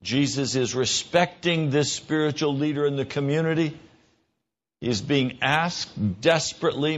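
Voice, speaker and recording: A man preaching a sermon in an earnest voice, his pitch rising when he stresses a point or acts out a quick exchange. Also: lo-fi sound. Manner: earnest, rises in pitch for emphasis and mimicked dialogue.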